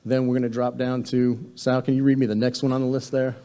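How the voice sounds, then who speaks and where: Mellow-voiced man giving a training talk. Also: medium pitch, little pitch movement, fast, clean tone. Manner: conversational, many fillers and restarts. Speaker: government contracting trainer. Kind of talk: live training presentation.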